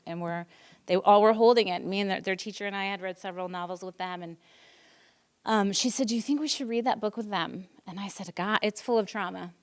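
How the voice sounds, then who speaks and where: A woman's voice: mid-range voice, clear, resonant tone. A woman in her forties, a teacher, giving an emotional personal presentation at a school board meeting, earnest, with many ums and restarts. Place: public meeting room.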